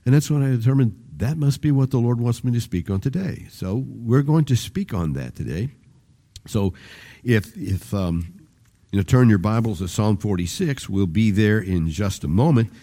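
Older male pastor, warm low-bright tone, chatty sermon delivery with shifting emphasis. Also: expressive, moderate pace. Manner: rambling, conversational, with restarts and varied emphasis.

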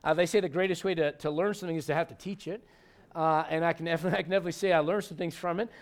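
Man, high voice, preaching in a church, emphatic, talks straight to the pews. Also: steady tone, rapid-fire. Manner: conversational, emphatic, asks the congregation questions. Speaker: pastor. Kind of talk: sermon. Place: church sanctuary.

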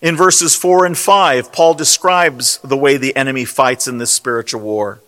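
A man's voice: medium pitch, normal speed, fairly bright tone. A man preaching a sermon at a convention, emphatic and rhetorical, leaning hard on single words. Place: convention hall. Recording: long hall reverb.

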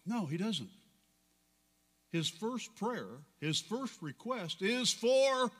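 A man preaching a sermon as pastor, dramatic, swinging between loud declarations and hushed questions. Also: sits high, big pitch swings, slow pace, in a large hall.

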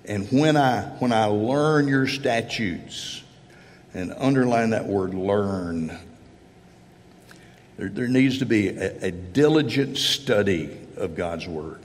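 A man's voice: on the low side, lively intonation, slow. A man preaching a sermon earnestly, voicing heartfelt prayers in the first person as he speaks to his congregation. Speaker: pastor. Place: church sanctuary. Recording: church hall reverb.

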